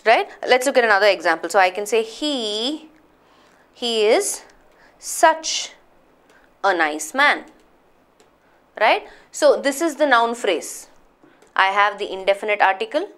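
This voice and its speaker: A woman's voice: on the high side, lively intonation, unhurried, long pauses, fairly bright tone, clean tone. A woman teaching a live grammar class, explaining patiently and checking that students follow.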